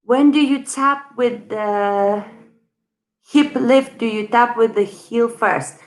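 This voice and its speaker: A woman's voice: a little high, takes it slowly, roomy sound, rough recording. A woman teaching a live online dance lesson, chatty and bubbly, counting the beats aloud as she goes. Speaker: dance instructor.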